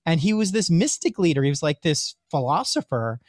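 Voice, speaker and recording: A man who is a physician, telling a story as a guest in a casual conversation, animated and often repeating words as he gets his thoughts out. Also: fairly high pitch, fairly quick, no echo, studio quality.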